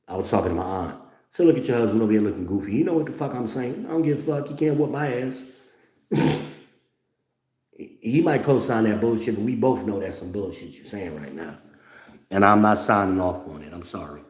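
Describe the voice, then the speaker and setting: A man's voice: fairly low pitch, darkish tone, reverberant. A middle-aged man hosting a blunt, profane, mocking rant. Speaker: host. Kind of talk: ranting commentary.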